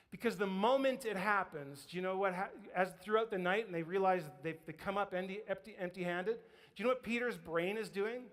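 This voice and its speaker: A man preaching a sermon as pastor, telling a story in a lively way, acting out voices and laughing often. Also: sits high, in a large hall. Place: church sanctuary.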